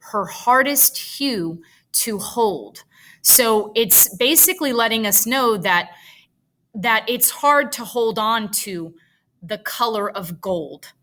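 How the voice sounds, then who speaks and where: A woman teaching a writing lesson, thinking aloud as she slowly drafts a paragraph sentence by sentence. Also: medium pitch, a bit bright, low-quality recording.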